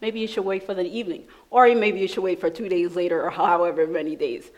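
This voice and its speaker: A woman from New York telling a lively personal testimony in church, laughing often as she speaks. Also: lowish voice, quick pace, low-quality recording. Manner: animated storytelling, laughing often. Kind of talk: sermon testimony.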